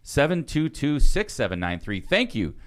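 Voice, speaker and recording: A man co-hosting a podcast, reading sponsor ads in a lively, casual way. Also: medium pitch, normal speed. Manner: lively, laughs between reads. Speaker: podcast co-host.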